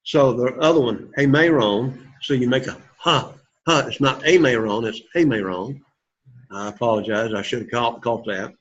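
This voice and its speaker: A man's voice: medium pitch, normal speed, a bit bright. A man teaching a Greek class, encouraging the students and repeating words for them to echo, in a dull lo-fi classroom recording. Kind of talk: classroom pronunciation drill.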